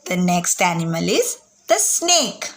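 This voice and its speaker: A woman's voice: on the low side, very animated, slow pace. A woman teaching young children, speaking in a sing-song way and imitating animal sounds.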